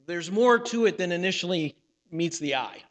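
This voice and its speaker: A man preaching a sermon as pastor, measured, slowing down for emphatic phrases, with some restarts and fillers. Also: sits high, expressive. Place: church sanctuary. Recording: church hall with long reverb.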